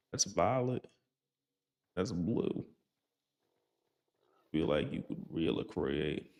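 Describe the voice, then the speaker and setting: A young gaming channel host rambles and jokes while commenting casually on his gameplay, sometimes slipping into a put-on folksy accent. His voice is extremely low-pitched, with vocal fry.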